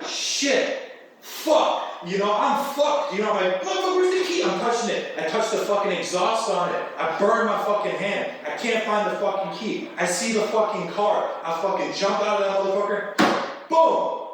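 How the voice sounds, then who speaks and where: A man tells a chaotic story with constant swearing and bursts of laughter. His voice sits a bit high for a man. He sounds set back from the mic in a very echoey room. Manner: animated, profane, laughing storyteller. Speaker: podcast guest. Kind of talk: casual storytelling chat. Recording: echoey room, distant mic, faint noise.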